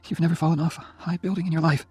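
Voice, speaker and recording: A man reading an audiobook voices a frail, dying young woman who speaks softly and teasingly. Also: fairly high pitch, flat delivery, very fast, breathy edge, dry recording, pitched above the performer's own voice. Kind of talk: audiobook character voice.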